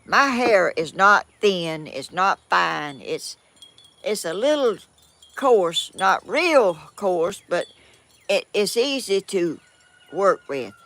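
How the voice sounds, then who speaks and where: Older southern grandma from georgia, slow easy drawl, voice bounces all over. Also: female voice, lowish voice, big pitch swings, fairly bright tone. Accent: Southern American, Georgia. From southern United States. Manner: rambling, folksy, self-deprecating. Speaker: vlogger. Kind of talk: casual chat reading viewer comments.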